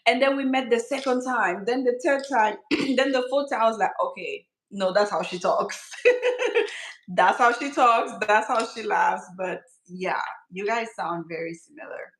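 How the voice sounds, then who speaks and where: A woman's voice: a little high, moderate pace, fairly bright tone, roomy sound, rough recording. A woman hosting a casual skincare channel chat, teasing her friend and laughing often.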